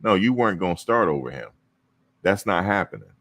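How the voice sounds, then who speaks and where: Deep-voiced man hosting a live stream. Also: brisk. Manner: animated, teasing, talks to viewers and chat. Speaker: show host. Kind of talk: casual live-stream chat.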